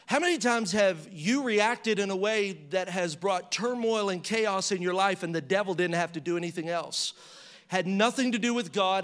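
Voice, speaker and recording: A man with a high-pitched voice preaches a sermon in a conversational way. He fires rhetorical questions at his listeners and acts out prayers and quotes, his pitch and volume rising as he does. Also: fairly bright tone. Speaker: pastor.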